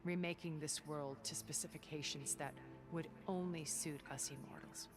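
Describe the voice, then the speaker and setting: A woman voicing a poised, elegant older woman in a video game cutscene, speaking in a refined, measured way. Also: sits low, fairly even intonation, close to an everyday voice. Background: game music.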